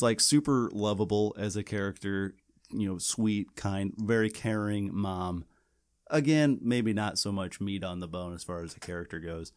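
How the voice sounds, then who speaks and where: Low-ish guy rambling on a podcast, lots of "you know". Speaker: podcast co-host. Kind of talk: casual chat.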